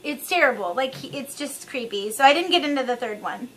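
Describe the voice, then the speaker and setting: A woman's voice: sits high, lively intonation, brisk, a bit bright. A woman vlogging to camera, chatty, rambling and frankly profane. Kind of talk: casual chat to camera.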